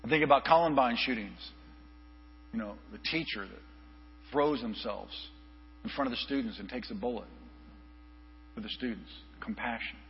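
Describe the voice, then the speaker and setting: A male pastor telling an animated story in a sermon, acting out the people he quotes. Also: medium pitch, moderate pace, long pauses. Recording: reverberant hall, dull lo-fi with mains hum.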